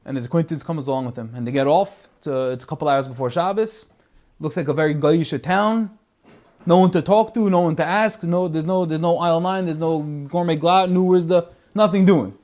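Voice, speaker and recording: A man giving a Torah talk as a lively story, mixing in Hebrew and Yiddish words. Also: on the high side, fairly quick. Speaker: Torah speaker.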